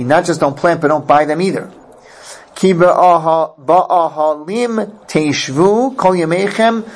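A man teaching a verse-by-verse scripture class, reading Hebrew phrases aloud and translating them with emphatic explanations. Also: a little high. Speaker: Bible teacher.

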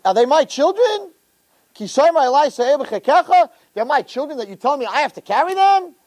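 A man acting out an anguished, weary male leader who pleads in a high, exasperated voice. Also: big pitch swings, fairly quick, darkish tone, no room sound.

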